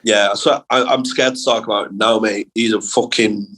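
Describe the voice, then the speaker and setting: A man's voice: fairly low pitch, moderate pace, poor audio. Sweary young man telling school stories. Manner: sweary, animated anecdotes with laughs. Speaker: comedian guest. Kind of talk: casual storytelling chat.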